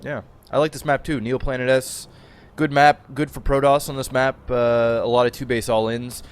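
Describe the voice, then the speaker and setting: A man's voice: medium pitch, little pitch movement, moderate pace, clean tone. A man co-casting a video game match, laid-back and analytical, breaking down strategies in a casual way. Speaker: game commentator. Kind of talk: casual esports commentary.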